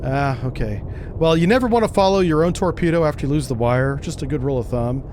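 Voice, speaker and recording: Male streamer, casual gameplay commentary, joking, lively pitch, somewhat high voice. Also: fast talker, slight background noise. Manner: chatty, joking, thinking out loud. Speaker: game streamer.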